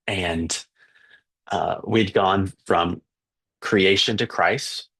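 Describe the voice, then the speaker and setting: A man's voice: low-pitched, fairly even intonation, very slow, bright, forceful tone, breathy edge. A man, a missionary teacher, earnestly telling a story for fundraising, with fillers and restarts.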